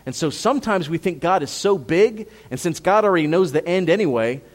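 A man preaching a sermon as pastor, rising to emphatic peaks and dropping to soft appeals, repeating phrases and asking the congregation questions. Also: a little high, expressive, brisk.

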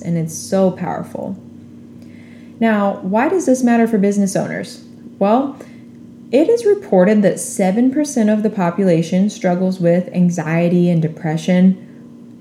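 A woman hosts her podcast in an earnest, encouraging monologue. Her voice sits low and sounds very mellow. The room is echoey, with faint noise underneath. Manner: earnest, encouraging, faith-minded. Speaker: podcast host. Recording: roomy echo with faint background noise.

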